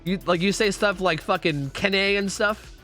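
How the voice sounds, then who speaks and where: A man's voice: high voice, normal speed, pushed and bright, soft background music. A young man streaming a game, talking casually and rambling with his viewers, swearing freely.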